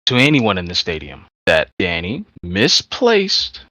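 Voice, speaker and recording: A man's voice: low-pitched, wildly swooping pitch, measured pace, sharp tone, dry recording. A man playing a cocky wrestler in voice chat role-play, talking smugly and teasing. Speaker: virtual wrestler in a press conference.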